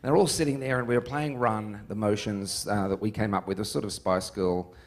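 A man, a musician being interviewed. He tells stories in an animated, joking way and laughs often. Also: fairly low pitch, brisk, slight background noise. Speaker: musician guest. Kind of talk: casual interview storytelling.

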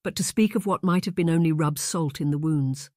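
A man's voice: fairly high pitch, brisk, darkish tone, no room sound, clean studio sound, lightly acted. A man voicing a proper young woman, a governess, speaking formally and with restraint. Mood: pleading.

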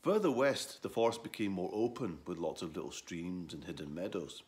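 A man with a low voice reads a children's story aloud. His delivery swoops up and down expressively, keeping the tale lively. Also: moderate pace.

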